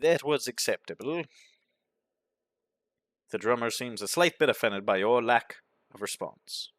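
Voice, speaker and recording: Man, deadpan game playthrough narration, dry close sound, mid pitch. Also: a little slow, dry recording. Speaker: gaming commentator.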